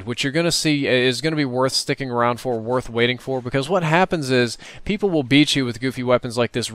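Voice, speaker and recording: A man's voice: mid-range voice, fairly bright tone, smooth, no echo. A man from the United States talking casually through his own gameplay footage in a rambling, wry commentary. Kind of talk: recorded gameplay commentary voice-over.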